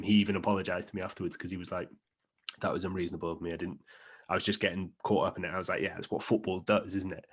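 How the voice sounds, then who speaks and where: A young Welsh man with a Welsh accent, co-hosting a sports podcast in casual, animated chat. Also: fairly low pitch, husky. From Wales. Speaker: podcast co-host.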